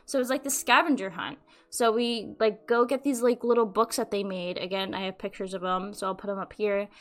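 A young adult woman hosting a podcast, telling a rambling, animated story in casual chat and swearing freely. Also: medium pitch, a little fast. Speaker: podcast host.

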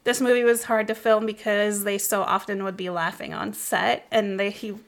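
A young woman hosting a casual film podcast, talking fast and excitably and often breaking into laughter. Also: mid-range voice. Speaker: podcast host. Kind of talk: casual film-recap chat.

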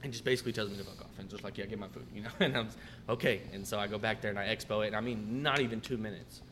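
A man's voice: lowish voice, very fast, slight background noise. A man with an Oklahoma accent, a restaurant manager hosting a podcast, telling a story in casual chat and acting out the people in it with swearing and laughs. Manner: animated, acts out quotes with swearing and laughs.

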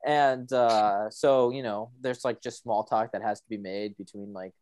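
A man's voice: fairly low pitch, steady tone, a little slow, darkish tone, a little hiss or hum. A young man who is a college student, chatting casually and telling rambling, crude, joking stories over a video call. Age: young adult. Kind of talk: casual chat.

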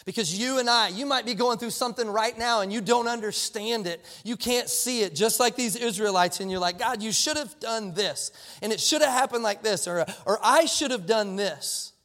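A male pastor in his thirties delivers a sermon in a casual, conversational way, with a fairly high voice. He often restarts and doubles his words and slips into quoted voices. The sound carries the long reverb of a large church auditorium. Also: moderate pace, few pauses, a bit bright.

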